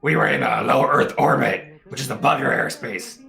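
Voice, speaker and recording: A man's voice: mid-range voice, normal speed, vocal fry, sharp tone, echoey room. A man playing in a tabletop game in casual back-and-forth, peppered with fillers. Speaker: player. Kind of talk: casual tabletop role-play.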